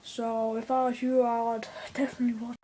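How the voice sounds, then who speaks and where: A man's voice: very high-pitched, monotone, normal speed, warm tone, a little hiss or hum, pitched above the performer's own voice. A teenage boy doing a put-on accent in a hyped, repetitive gaming video intro, played back from an old video. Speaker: gaming YouTuber.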